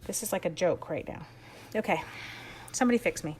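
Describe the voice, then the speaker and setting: A woman's voice: lowish voice, brisk, darkish tone, a little hiss or hum. A woman from Canada chatting her way through a card-making tutorial, talking as she works and poking fun at her own mistakes. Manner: chatty, self-deprecating, talks while working with her hands. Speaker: stamping and card-making demonstrator. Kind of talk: casual crafting tutorial.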